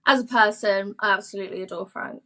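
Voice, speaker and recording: A young woman tells anecdotes as a guest in a relaxed interview. Her voice is bright and forward, and she slips into little performances of what she and others said, often laughing. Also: medium pitch, fast talker. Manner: chatty storyteller, acts out quoted dialogue, laughs often. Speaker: guest, sports presenter. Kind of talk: casual interview chat.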